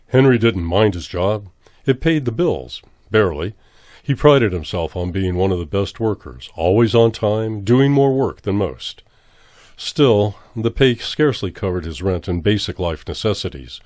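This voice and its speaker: A man reading a horror story aloud in a measured, dramatic way. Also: lowish voice, darkish tone, no room sound, studio quality. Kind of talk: scripted horror narration.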